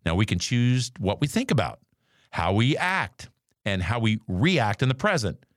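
A man's voice: on the low side, sing-song, unhurried, no echo, studio quality. A man hosting a morning motivational podcast, talking conversationally and reading quotes aloud with casual asides. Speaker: podcast host.

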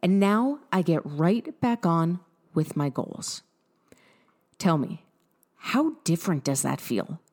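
A woman in her thirties giving an upbeat, direct coaching talk to listeners, with lively bursts of emphasis. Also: deep voice, slow pace, long pauses. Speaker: mindset coach.

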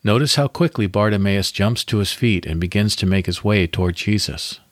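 Low-voiced man leading a Bible meditation. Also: dry recording, studio quality. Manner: calm, measured reading with pauses. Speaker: devotional podcast host. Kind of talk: scripted guided Bible meditation.

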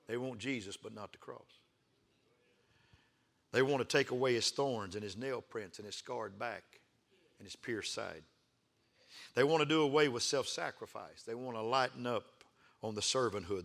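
A man preaching a sermon in a rhythmic, repeating cadence, rising from quiet to fervent calls for the congregation to respond. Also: lowish voice, creaky. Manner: builds from hushed to fervent shouting with call-and-response.

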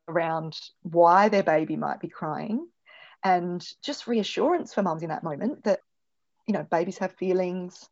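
A woman's voice: on the low side, a little slow, darkish tone. A woman speaking as a parenting specialist guest in a podcast interview, thoughtful and full of restarts. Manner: thoughtful, many restarts and fillers. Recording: dull lo-fi recording.

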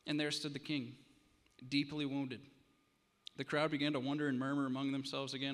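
A man's voice: mid-range voice, level tone, a little fast. Male pastor preaching in a reverberant church. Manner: dramatic storytelling, then earnest preaching. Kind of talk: sermon. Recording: long hall reverb.

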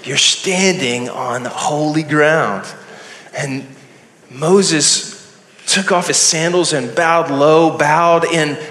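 A man telling a Bible story live in a large hall, slow and earnest, often repeating phrases. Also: fairly high pitch, a bit bright. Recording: echoey hall with long reverb.

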